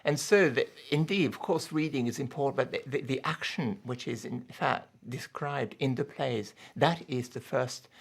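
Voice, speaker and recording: A man speaking as an academic guest in a radio interview, halting and thoughtful, with many repeated words. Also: mid-range voice, creaky, breathy edge.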